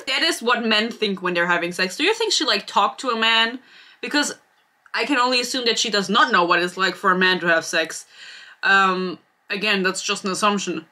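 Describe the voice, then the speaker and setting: A woman's voice: a little high, pushed and bright. A woman giving a casual book review vlog, sarcastic and blunt, often giggling.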